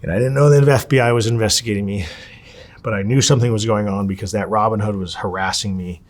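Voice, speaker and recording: A man telling his story in a candid interview, profane and animated, acting out the people he quotes. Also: fairly low pitch, fast talker.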